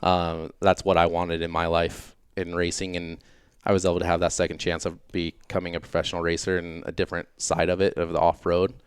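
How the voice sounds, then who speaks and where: A middle-aged man talks as a podcast guest in a low, smooth, resonant voice. His delivery is relaxed and loose, with easy laughs and trailing fillers. The recording is dry and close. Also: brisk, dry recording. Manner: laid-back, laughs easily, trails off with fillers. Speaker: podcast guest, off-road racer and team owner. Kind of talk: casual chat.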